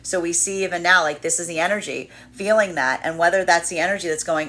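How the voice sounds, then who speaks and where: A woman with a slightly low voice gives a loose, unscripted tarot reading. She circles back on her words and restarts sentences. Now and then she breaks into lively voiced asides. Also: quick pace, few pauses. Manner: rambling, self-correcting, animated when voicing others. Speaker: tarot reader. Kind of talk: daily tarot energy reading.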